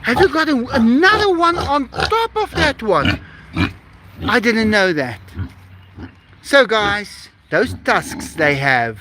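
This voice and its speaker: A man with a high, lively voice chats on a phone stream outdoors among his farm animals. He talks slowly, with faint outdoor noise behind him. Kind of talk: casual live-stream chat.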